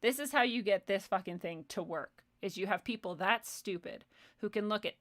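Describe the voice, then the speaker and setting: Hosting her own live stream, a woman rants in a sarcastic, profane, exasperated way. Her voice sits at a medium pitch and moves at a moderate pace.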